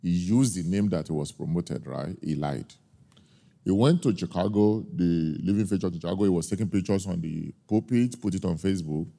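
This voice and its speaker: A man preaching a sermon, telling a personal story with emphatic, drawn-out key points. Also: deep voice, creaky, dark tone. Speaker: pastor. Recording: long hall reverb.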